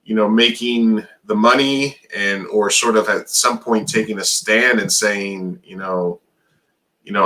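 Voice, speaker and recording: A man's voice: on the low side, normal speed, sharp tone, poor audio. A man hosting a casual interview, asking questions in a thoughtful, reflective way. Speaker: interview host.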